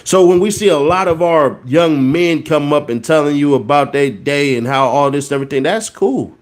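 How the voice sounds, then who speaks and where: A man's voice: fairly high pitch, normal speed. A man in his thirties hosting a podcast, giving a casual, preachy monologue and repeating words for emphasis. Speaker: podcast host.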